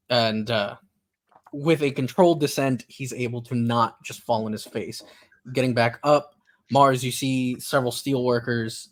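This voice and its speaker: A man runs a tabletop game as its narrator, setting scenes in a relaxed, halting way. He talks at a middling pitch and keeps stopping to restart his sentences. His speech is full of little fillers as he thinks aloud. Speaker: game master.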